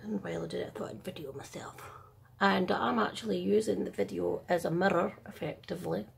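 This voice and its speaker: Softly chatty Scottish woman, gravelly. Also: lowish voice, a little fast, a little hiss or hum. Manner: chatty, self-deprecating, rambling. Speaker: makeup artist. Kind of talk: casual makeup tutorial chat.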